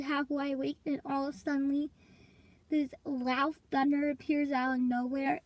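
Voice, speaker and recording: Chatty high-voiced young woman vlogger. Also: no echo, low-quality recording. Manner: rambling, chatty, addresses viewers as y'all. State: coughing, congested from allergies. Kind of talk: casual chat to camera.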